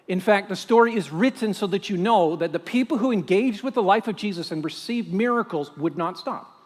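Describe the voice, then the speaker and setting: A male pastor, preaching a sermon with animated storytelling and strings of rhetorical questions. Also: sits high, long reverb tail.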